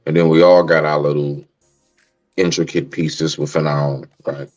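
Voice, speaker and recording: A man's voice: extremely low pitch, level tone, normal speed, darkish tone, dull audio, soft background music. A man on a casual podcast, questioning other hosts and laying out his own view. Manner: incredulous, questioning, then explaining. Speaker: podcast co-host.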